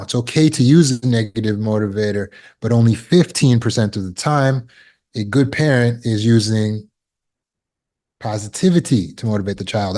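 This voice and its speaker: A man's voice: lowish voice, moderate pace, a little mellow. Emphatic man teaching self-discipline. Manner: emphatic, repetitive, explains with everyday examples. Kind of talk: motivational talk.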